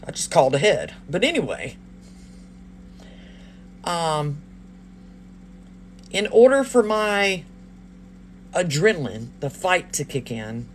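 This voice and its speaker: Animated storyteller in a moving vehicle. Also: mid-range voice, slow, long pauses, a little hiss or hum. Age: adult, parent of a child. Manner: animated, laughs often, acts out quoted lines. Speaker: livestreamer. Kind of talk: casual storytelling to a live audience.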